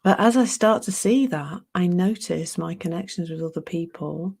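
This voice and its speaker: A middle-aged woman giving a reflective spiritual talk, musing unhurriedly, laughing at herself and dropping into soft near-whispers. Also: on the low side, moderate pace, creaky, slightly rough.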